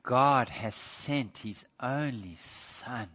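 Male pastor, bright ringing voice, preaching with fervor, dull sound in a long-reverb church hall. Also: medium pitch, drawn-out words. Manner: impassioned preaching, swings from loud to hushed. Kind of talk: sermon.

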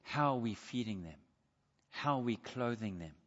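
A man's voice: medium pitch, lively intonation, moderate pace, fairly bright tone. A man preaching a sermon, earnest, asking his listeners rhetorical questions and reading scripture aloud. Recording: dull sound with long hall reverb.

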